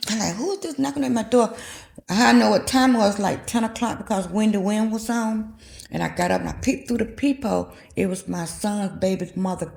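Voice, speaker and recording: A woman's voice: medium pitch, vocal fry, darkish tone. A woman in her fifties, a guest telling a personal story and acting out the voices in it. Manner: vivid retelling, acting out quoted dialogue. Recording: echoey room.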